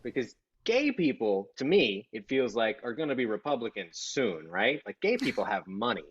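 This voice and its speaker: A man performing a stand-up set over a video call, talking in a deadpan, provocative way and laughing at his own jokes. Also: mid-range voice, normal speed, slightly rough, highs cut off. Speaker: stand-up comedian. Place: Texas home.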